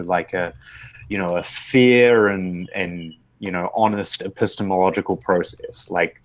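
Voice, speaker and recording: A man with a New Zealand accent in casual discussion, thinking aloud with many hesitant restarts. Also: low voice. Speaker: podcast co-host.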